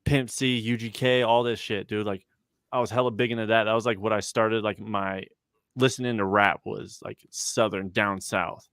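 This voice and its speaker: A man's voice: lowish voice, little pitch movement, normal speed, fairly bright tone, clean tone, no room sound, studio quality. A young man on a casual livestream chat, telling stories in a laid-back, slangy way full of "like" and swearing. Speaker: rapper and guest.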